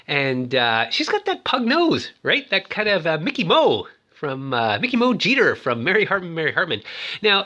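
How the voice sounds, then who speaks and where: Guy chatting thru a movie recap, bright sharp voice, acts out the lines. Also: on the high side. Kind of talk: casual film recap commentary.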